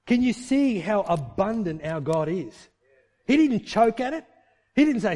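High-voiced man preaching. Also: unhurried, long pauses. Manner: conversational preaching with rhetorical questions; animated, shifting pace for emphasis. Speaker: pastor. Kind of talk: sermon.

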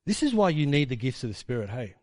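A man's voice: mid-range voice, sing-song, quick pace, a little mellow, no room sound, studio quality. A middle-aged man preaching, telling a personal testimony in a rambling, conversational way with frequent tag questions. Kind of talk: sermon testimony storytelling.

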